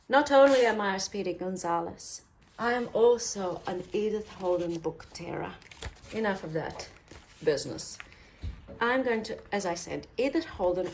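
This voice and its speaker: Australian woman, craft vlogger, chatty and self-mocking, light hiss in the room. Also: lowish voice. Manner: rambling and self-deprecating, talks while working.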